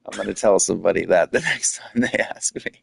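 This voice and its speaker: Gravelly rambling man streaming. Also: lowish voice, fairly quick, no echo. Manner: rambling, laughing, filler-heavy. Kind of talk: casual live-stream chat.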